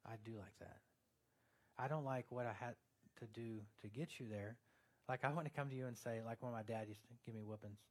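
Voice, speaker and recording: A man's voice: medium pitch, fairly quick. A male pastor preaching a sermon in a conversational way, turning earnest and emphatic, with joking asides to the congregation.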